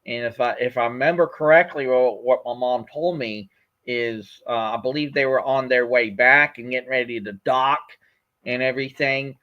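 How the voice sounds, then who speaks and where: A man's voice: mid-range voice, normal speed, dull audio. A man in his fifties from Florida, hosting a livestream chat and telling his story in a rambling way, with many fillers and restarts. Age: 50s. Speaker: host.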